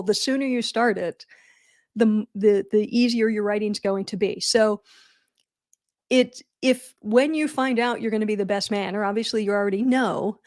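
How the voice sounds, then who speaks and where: A middle-aged woman hosting a live advice Q&A on wedding speeches, chatty and animated, with self-deprecating jokes. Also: medium pitch, no echo, clean studio sound. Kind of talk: casual livestream advice.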